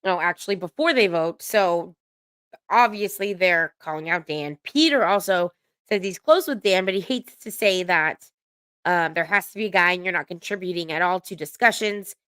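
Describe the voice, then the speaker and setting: A woman's voice: on the low side, moderate pace, a bit bright, clean tone, no room sound, clean studio sound. A woman casually recapping a reality show episode, gossiping, swearing freely and laughing as she retells the scenes.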